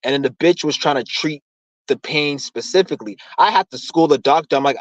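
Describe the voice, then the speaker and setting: A man's voice: on the high side, fairly quick, no echo, dull audio. Heated, profane young man ranting. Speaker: channel host. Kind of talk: casual rant on a live stream.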